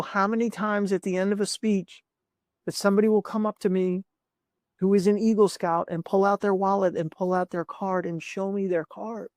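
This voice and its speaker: A man speaks over a video call, his slightly high voice rough with gravel. He tells his story earnestly and with feeling, circling back on words as he builds. The sound is dry and close. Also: level tone, a little fast, a little mellow, no echo. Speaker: podcast guest. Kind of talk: personal storytelling.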